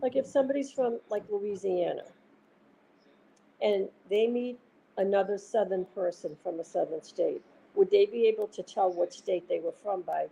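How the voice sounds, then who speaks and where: Host, woman, Boston accent, gravelly mellow voice, chatty, rambling storyteller, faint hiss in the background. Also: mid-range voice, moderate pace, low-quality recording. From Massachusetts. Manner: chatty, rambling, retells conversations. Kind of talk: casual chat with viewers.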